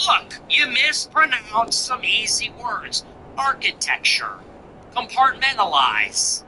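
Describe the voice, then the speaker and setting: A man's voice: high-pitched, huge pitch swings, unhurried, pushed and bright, a little hiss or hum, poor audio. A man hosting a solo political commentary show, sarcastic and mock-sympathetic, often breaking into laughter.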